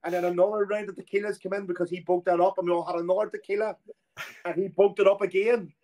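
A middle-aged Irish man, a former footballer, telling a long anecdote in a casual, animated way and acting out the people he quotes. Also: sits high, fast talker. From Ireland. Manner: animated storyteller who acts out quoted voices.

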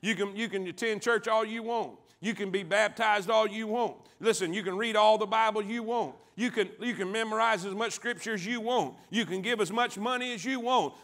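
A man preaching a sermon as pastor, calling on the congregation to answer back and swinging from quiet, low lines to loud ones. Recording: church sanctuary.

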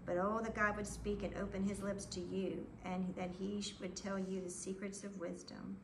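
Gravelly woman reading scripture aloud. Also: mid-range voice, little pitch movement, moderate pace, noisy background. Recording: echoey room, distant mic.

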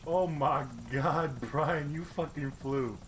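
A man's voice: a little high, steady tone, slow, distant mic, a little hiss or hum. A young man hosting a gaming channel, joking, laughing and cursing with friends while playing. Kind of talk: casual gaming banter with friends.

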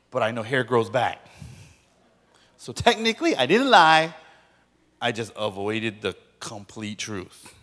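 A man's voice: fairly high pitch, a bit bright. A man preaching as a pastor, joking with the audience and acting out quoted voices. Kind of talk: sermon. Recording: long reverb of a large hall.

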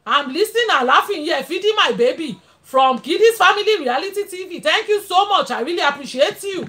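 A woman's voice: very high-pitched, expressive, fairly quick, a bit bright. A Nigerian woman hosting a live stream in casual chat, laughing often and switching into pidgin as she thanks viewers. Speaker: livestream host.

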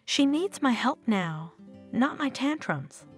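A woman's voice: high-pitched, sing-song, takes it slowly, soft background music, exaggerated voice. Woman voicing a loving, worried mother. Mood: resolute. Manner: tender, reassuring. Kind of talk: storybook narration.

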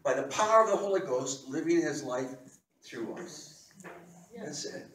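A male pastor preaches with a fairly high voice, swinging from quiet asides to loud, excited bursts as he tells his stories. He stumbles over and repeats words while talking. The sound carries the echo of a church hall and comes from some distance away. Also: unhurried. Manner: animated, repeats words, laughs often. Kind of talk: sermon with storytelling.

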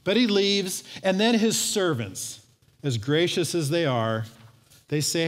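A man preaching a sermon in a church, his voice a bit higher than most men's. He tells the story with life, slipping into the voices of its people. A long reverb from the hall trails every phrase. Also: slow pace. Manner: lively storytelling with acted-out voices. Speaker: pastor. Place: church sanctuary.

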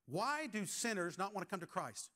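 A man's voice: high voice, very animated, moderate pace, sharp tone. A man preaching a sermon as pastor, asking the congregation questions and telling stories from his own life.

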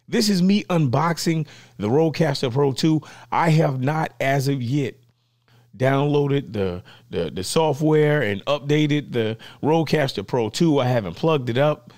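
Unboxing new gear with obvious excitement, this vlogger speaks in a mid-range voice. He keeps it casual and playful, full of slang, on his own channel.

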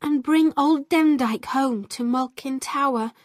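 A woman's voice: high voice, measured pace, no room sound, studio quality, voice pushed up. A woman reading the lines of a frightened young village girl, speaking earnestly and pleadingly.

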